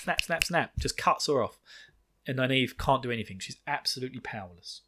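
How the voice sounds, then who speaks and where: A man's voice: medium pitch, expressive, a little fast, heavy background noise. Rambling, laughing man recapping a book. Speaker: book reviewer.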